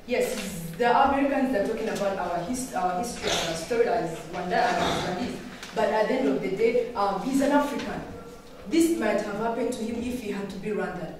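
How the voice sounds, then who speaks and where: A young woman speaking as a student debater in a classroom debate, emphatic and impassioned. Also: mid-range voice. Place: university classroom. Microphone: distant room mic. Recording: echoey noisy room, from far off.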